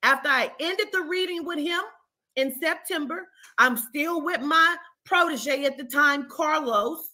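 A woman's voice: sits high, a little slow, bright, forceful tone. A woman spiritual advisor telling a dramatic, profane story on a livestream and acting out the dialogue.

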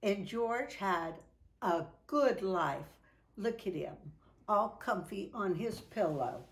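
A woman reading a children's picture book aloud, with lively, drawn-out delivery. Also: medium pitch, roomy sound. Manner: animated, drawn-out, voices for characters. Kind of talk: children's storybook read-aloud. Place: indoors at home.

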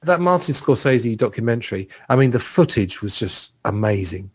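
A man's voice: mid-range voice, big pitch swings, normal speed, husky. A man hosting a casual podcast conversation, chatty and thinking aloud with plenty of fillers. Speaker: podcast host.

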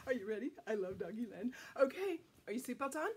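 A woman's voice: on the high side, big pitch swings, quick pace, breathy edge. A woman reading a picture book aloud to children, playful and exclamatory in a sing-song manner. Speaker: children's storyteller. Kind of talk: storytime read-aloud for kids.

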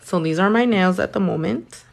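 A woman's voice: on the low side, normal speed, gravelly, slight background noise. A young woman doing her nails while chatting with live viewers, blunt and sassy, swearing often. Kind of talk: casual chat with live viewers.

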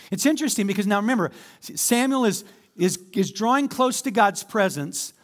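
A pastor with a high voice preaches from the stage of a church sanctuary. He speaks animatedly and keeps calling on the congregation to answer him. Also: lively intonation, normal speed, fairly bright tone. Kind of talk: sermon.

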